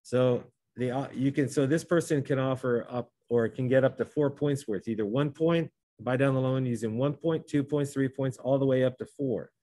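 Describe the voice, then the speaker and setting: A man's voice: mid-range voice, normal speed, few pauses, warm tone, no echo. A man teaching a math lesson, talking through each step and correcting himself as he goes. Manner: talks through steps, self-correcting. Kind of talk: classroom lesson.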